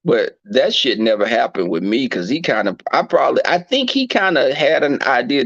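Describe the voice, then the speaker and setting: A man telling a candid personal story in a blunt, animated and profane way. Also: fairly low pitch, moderate pace, creaky, few pauses, no echo, muffled recording. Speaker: podcast host.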